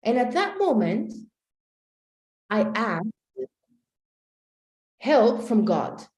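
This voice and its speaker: A woman coaching trainer giving a motivational talk, animated storytelling with acted-out quotes. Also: on the high side, drawn-out words. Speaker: life coaching trainer and speaker. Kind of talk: motivational talk to a live online audience. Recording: echoey room.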